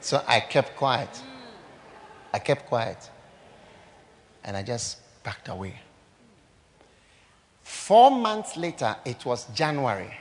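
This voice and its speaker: A pastor, preaching a sermon and telling stories, swinging between loud declarations and hushed asides. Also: male voice, medium pitch, sing-song, slow pace, pauses often.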